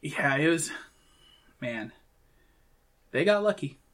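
A man co-hosting a casual talk show, retelling film scenes and quoting lines in quick bursts. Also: on the high side, animated, a bit bright. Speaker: podcast co-host. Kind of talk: casual chat recapping a film.

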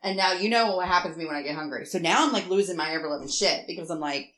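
A woman telling a rambling story in casual chat, animated and swearing often. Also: lowish voice, very fast. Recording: roomy echo.

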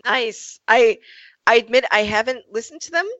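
A woman's voice: a little high, normal speed, a bit bright, no echo, dull audio. A woman from Rhode Island co-hosting a casual podcast chat, often apologizing and stumbling over restarts. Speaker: podcast co-host.

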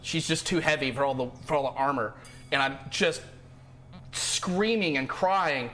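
A man's voice: mid-range voice, fairly even intonation, brisk, pushed and bright. A man playing a tabletop game, describing his character's actions with strong emotion. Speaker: player. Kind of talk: tabletop game role-play.

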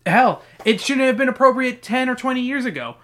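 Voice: sits high, a little fast. A podcast host reading a children's book aloud and riffing on it with profane, sarcastic jokes. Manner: profane, sarcastic, swings from flat reading to loud outbursts.

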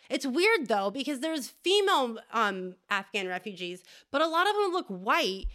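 Rambling bright-voiced woman comedian. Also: on the high side. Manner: rambling, crude, keeps adding "okay?". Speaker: podcast host. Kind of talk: comedic monologue.

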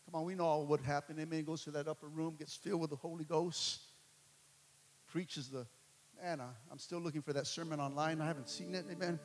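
A man preaching a sermon to his congregation, repeating phrases and building to loud, impassioned peaks. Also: on the high side, fairly even intonation, a little fast, a little hiss or hum. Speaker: pastor. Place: church hall. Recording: long reverb of a large hall.

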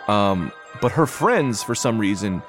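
A young man recounts a personal story in a relaxed, conversational way, with a voice that sits a little low. He speeds up and gets animated when he replays his own words. Music plays clearly behind him throughout. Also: unhurried. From New Jersey. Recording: music underneath.

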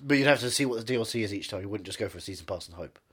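A man co-hosts a casual podcast with a husky voice. His pitch swings widely as he jokes and breaks into little sung bits. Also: lively intonation, rapid-fire, fairly bright tone. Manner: jokey, bursts into impressions and sung bits. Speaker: podcast co-host. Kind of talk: casual chat.

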